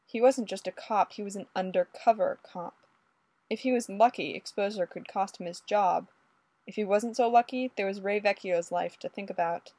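Woman with a measured narrating voice. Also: mid-range voice, a little mellow, no room sound. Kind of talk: audiobook reading of adult fiction.

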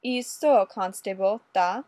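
A woman's voice: medium pitch, slow pace, warm tone, no echo, close to an everyday voice. A woman voicing a flamboyant Russian ballerina who speaks broken English with theatrical flair.

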